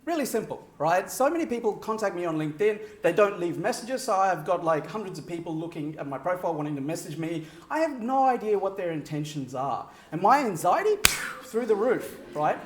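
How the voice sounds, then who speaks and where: A man giving a keynote speech to a live audience, animated, shifting his pitch and pace for effect and laughing often. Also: fairly quick, roomy sound. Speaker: keynote speaker. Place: large venue with audience.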